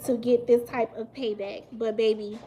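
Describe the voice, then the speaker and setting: Woman, 30s, high voice, live-stream host, animated, emphatic, quick to laugh. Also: a little hiss or hum. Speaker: mukbang livestream host. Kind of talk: casual live-stream chat with viewers.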